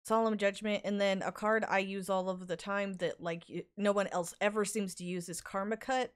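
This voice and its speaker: A woman's voice: medium pitch, fairly even intonation, moderate pace. A woman in casual podcast chat, talking hesitantly with fillers and restarts. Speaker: podcast guest.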